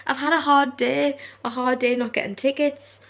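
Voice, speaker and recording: A woman's voice: sits high, normal speed, creaky. Chatty young woman vlogging on the go. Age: 20s. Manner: chatty, animated storytelling with laughs. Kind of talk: casual vlog chat. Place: out and about, shops and street.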